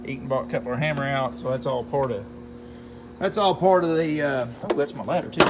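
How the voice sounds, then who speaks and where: A logger and mill worker talks casually in a vlog about his mill work, rambling in a folksy way and chuckling often. His medium-pitched voice is fairly quick, with background noise.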